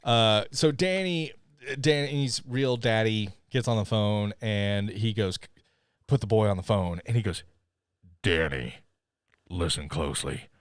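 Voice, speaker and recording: A man's voice: fairly low pitch, measured pace, smooth, no echo. A man co-hosting a casual movie review podcast, talking with energy and acting out scenes in voices. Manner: animated, acts out scenes in put-on voices. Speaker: podcast co-host.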